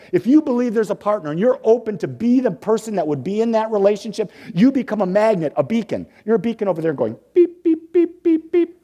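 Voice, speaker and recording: A man in his fifties preaches from the pulpit, and his voice sits a little high but sounds soft and mellow. He tells personal stories, tosses in playful asides, and repeats phrases to drive each point home. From Detroit area, USA. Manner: warm storytelling with playful asides and repetition. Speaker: minister. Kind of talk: sermon.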